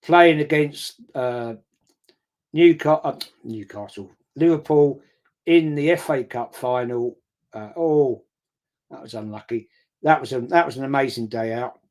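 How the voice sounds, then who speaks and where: A man in his sixties, rambling through a casual live-stream chat and reading out viewer comments, often repeating himself and pausing with ums. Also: mid-range voice, darkish tone.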